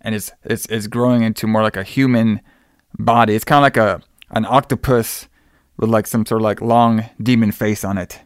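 A man's voice: fairly low pitch, fairly even intonation, moderate pace, no room sound, clean studio sound. A man casually retelling a film's plot, full of fillers and quoted lines.

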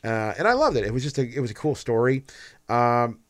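A man's voice: medium pitch, big pitch swings, a little fast, no echo. A man co-hosting a podcast, chatting casually about films, rambling with restarts and jokey grumbling. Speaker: podcast co-host. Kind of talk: casual movie chat.

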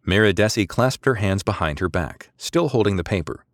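A man narrating an audiobook with measured, expressive storytelling. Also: sits low, no room sound, studio quality.

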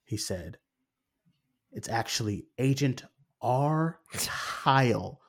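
A man's voice: medium pitch, animated, takes it slowly. A young man co-hosting a film review podcast, telling a story animatedly, swearing freely and acting out his own reactions. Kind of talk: casual chat.

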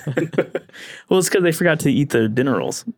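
A man co-hosting a podcast, telling a story in a casual, animated way and laughing often. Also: on the high side, brisk, dry recording, studio quality. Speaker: podcast co-host.

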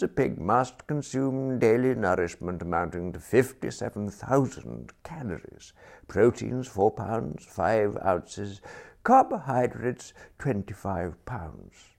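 A man's voice: lowish voice, big pitch swings, slow pace, creaky, a little mellow, exaggerated voice. A man voicing a vague, kindly elderly earl who talks eagerly and fussily. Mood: proud. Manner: eager, fussy, rambling.

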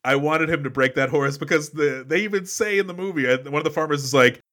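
A man's voice: fairly high pitch, fast talker, fairly bright tone. A man co-hosting a casual movie-review podcast, wry and joking, with some swearing. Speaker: podcast co-host.

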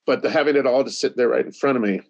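A man, a recording engineer and interview guest, talking in a hesitant, halting way. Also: medium pitch, creaky, no echo, highs cut off. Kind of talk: casual interview chat.

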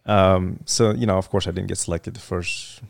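A man's voice: low-pitched, fairly even intonation, normal speed, creaky, no room sound, studio quality. A middle-aged man, a guest in a casual interview, telling stories with lots of fillers and restarts. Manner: rambling, many fillers and restarts. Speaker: guest, retired Marine officer.

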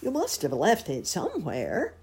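A woman's voice: on the low side, wildly swooping pitch, normal speed, darkish tone, pitched above the performer's own voice. A woman reading a storybook aloud, voicing a friendly, simple young male bear who speaks earnestly.

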